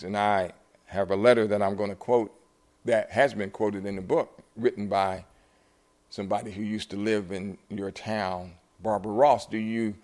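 At a live book event, an older author tells a story with animation, acting out its conversations. His voice sometimes leaps high in surprise and sometimes drops to a soft hush, in the manner of storytelling talk.

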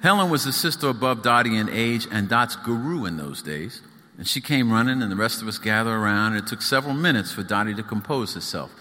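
A man's voice: on the low side, brisk, sharp tone. A man reading his own book aloud at a live event, with rhythmic, emphatic storytelling. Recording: echoey hall.

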